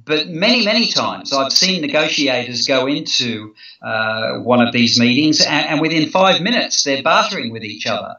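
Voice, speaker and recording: A man's voice: mid-range voice, lively intonation, normal speed, few pauses, pushed and bright. A man in an interview explaining negotiation at length, talking thoughtfully with many fillers, restarts and repeated words. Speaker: negotiation expert guest. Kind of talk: conversational interview. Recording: roomy, distant, muffled sound.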